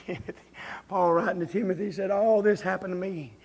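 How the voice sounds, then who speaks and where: Husky high-voiced preacher. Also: male voice. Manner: folksy, confrontational, rising to shouts. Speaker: visiting preacher. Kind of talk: revival sermon. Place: church during a revival service.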